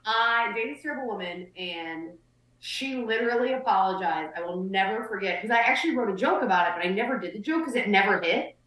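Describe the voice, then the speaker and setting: A woman co-hosting a comedic chat show, telling stories with animated bursts. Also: mid-range voice, brisk, distant mic. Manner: animated storyteller, jumping into voices. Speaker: podcast co-host. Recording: echoey room, off mic.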